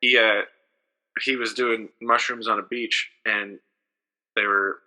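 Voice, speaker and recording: A man's voice: on the low side, flat delivery, slow, pushed and bright. A young man co-hosting a podcast, telling rambling stories full of fillers in casual comedic banter. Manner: rambling storyteller, frequent fillers. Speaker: podcast co-host.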